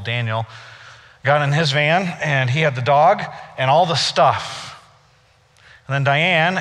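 A man's voice: mid-range voice, a bit bright. A man preaching a sermon to a congregation, telling stories in a conversational way with playful asides to the crowd. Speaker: pastor. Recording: reverberant church hall.

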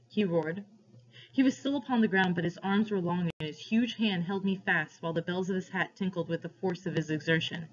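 A woman teacher reading a novel aloud to students, with steady, expressive narration, in a dull lo-fi recording. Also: medium pitch, normal speed.

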